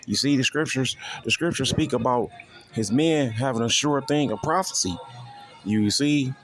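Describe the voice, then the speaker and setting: A man's voice: medium pitch, normal speed, a bit bright, faint music behind. A man preaching scripture in a crude, profane way, constantly repeating "you see" to his listeners. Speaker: street preacher.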